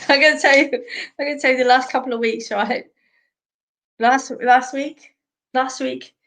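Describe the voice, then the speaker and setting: A woman's voice: high voice, fairly even intonation, unhurried, pauses often, a bit bright, slight background noise. A middle-aged Australian woman hosting a live stream, chatting casually with viewers in a rambling way and laughing often. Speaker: host.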